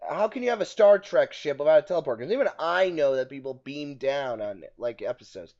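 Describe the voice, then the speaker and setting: Over a muffled recording with faint background music, a let's play host talks briskly in a slightly high voice. He comments casually as he plays, excitable and jokey, with outbursts of frustration.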